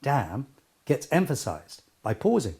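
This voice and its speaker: A man's voice: mid-range voice, wildly swooping pitch, a little slow, warm tone. A middle-aged man teaching a speech lesson, with an emphatic, theatrical delivery and playful asides. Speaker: speech and voice coach. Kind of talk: spoken lesson to camera.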